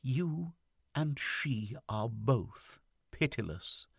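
A man's voice: wildly swooping pitch, takes it slowly, creaky, fairly bright tone, slightly rough, no room sound, clean studio sound, heavily acted. A man voicing a sobbing, timid, kind mother in an audiobook reading, pleading in a raised, thin voice. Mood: tearful pleading. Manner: pleading, tearful, high falsetto-like lift.

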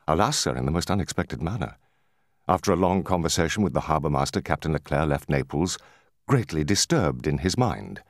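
A man's voice: very deep voice, lively intonation, fairly quick, no echo, studio quality. A man voicing an earnest, sorrowful young male sailor in an audiobook. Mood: grave. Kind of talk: audiobook character voice.

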